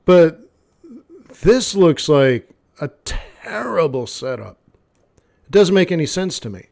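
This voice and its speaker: A very animated man with a high-leaning, darkish voice and some vocal fry speaks slowly as he coaches a live forex trading session. He's blunt and conversational toward the viewer, repeating phrases and relying on "okay" and "like."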